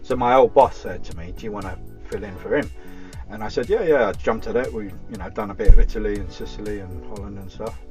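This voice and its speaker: A man's voice: fairly low pitch, quick pace, faint music behind. A man with an Essex accent, a taxi driver telling stories in a casual chat. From Essex, England. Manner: chatty, animated anecdote telling.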